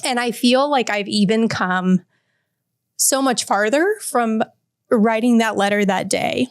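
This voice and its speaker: A woman's voice: on the high side, measured pace, smooth, dry recording, studio quality. A woman in her forties hosting a podcast, reading a heartfelt letter aloud and then reflecting earnestly to the listener. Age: 40s. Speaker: podcast host.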